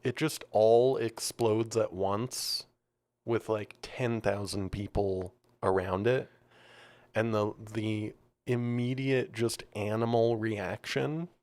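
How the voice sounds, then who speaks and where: A man's voice: on the low side, fairly even intonation, slow pace, darkish tone, no echo. A man co-hosting a podcast, telling rambling anecdotes in casual chat. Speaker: podcast co-host.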